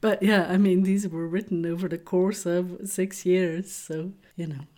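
A woman's voice: on the low side, steady tone, measured pace, warm tone. A woman co-hosting a casual chat podcast, teasing and laughing often as she talks. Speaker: podcast co-host and author.

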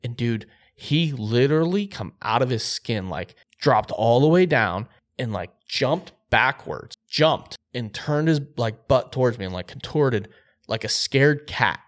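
A man co-hosting a podcast, telling a hunting story in an animated, excitable way. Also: medium pitch, unhurried. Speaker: podcast co-host.

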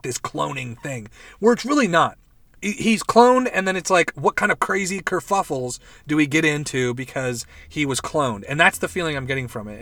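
A man's voice: on the high side, no echo. Rambling, profane young man recapping a show. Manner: rambling, profane, animated retelling with quoted voices. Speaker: podcast host reviewing a show. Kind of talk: casual chat.

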